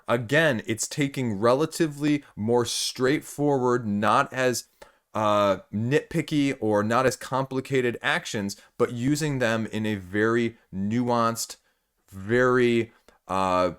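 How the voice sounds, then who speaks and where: A man's voice: mid-range voice, fairly bright tone, clear, resonant tone. A man with a Midwestern Michigan accent hosting a board game channel, thinking aloud in a rambling way with many fillers. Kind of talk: casual talk to camera.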